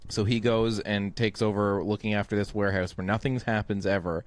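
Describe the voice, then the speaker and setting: A brisk man with a voice on the low side, he's a Canadian co-host of a movie podcast reviewing films in casual chat. His storytelling is animated and profane, full of swearing and laughter.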